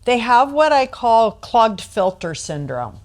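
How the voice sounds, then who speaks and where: A woman's voice: a little high, big pitch swings, slow. American woman giving a training talk. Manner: storytelling, acts out quoted voices.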